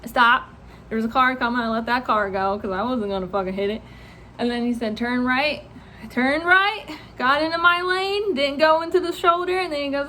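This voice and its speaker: A young woman with a high voice tells a story to the camera, animated and laughing between lines. She swears freely and acts out the people she quotes. Faint noise sits behind her. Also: normal speed. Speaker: vlogger. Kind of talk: casual storytelling vlog.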